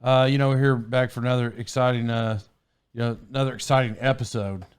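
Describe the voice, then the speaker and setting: A man's voice: medium pitch, steady tone, fast talker, clean tone. A man hosting a podcast in casual chat, telling a rambling story with frequent laughs and sidetracks. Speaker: podcast host.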